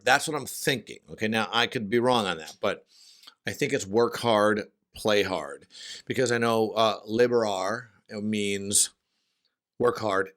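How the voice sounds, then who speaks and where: A middle-aged man speaks in a hoarse, somewhat low voice from his home studio. He chats casually about a fragrance, often restarting and repeating himself as he goes. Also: a bit bright. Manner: chatty, with frequent restarts and repetitions. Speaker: fragrance reviewer. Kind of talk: casual review chat.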